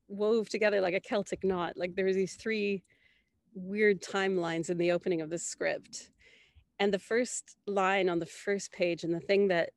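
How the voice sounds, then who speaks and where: A woman from Canada, a guest in an interview, telling a story in an animated way with high bursts of laughter and many restarts. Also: dry recording, studio quality.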